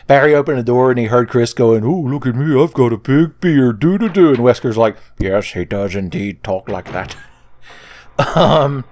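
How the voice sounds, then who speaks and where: A man's voice: medium pitch, a little mellow. A young man giving casual, jokey commentary while playing a video game, often calling the listener "son". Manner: jokey, playful, keeps calling the viewer "son". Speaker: let's play commentator.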